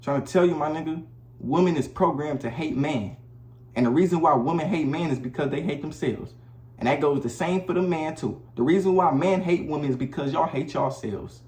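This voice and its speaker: Man with a slightly high voice, blunt and repetitive, preaching to the camera in a roomy space. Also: fairly quick, a little mellow. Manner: blunt, preachy, slangy, repeats himself. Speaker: vlogger. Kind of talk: casual advice monologue to camera. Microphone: camera mic.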